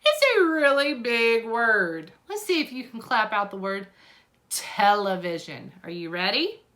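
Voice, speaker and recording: A woman teaching preschoolers in a fairly high, bright voice. She talks slowly and clearly, and her pitch swings a lot in a sing-song way. Her tone stays encouraging throughout. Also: animated. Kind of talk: children's lesson.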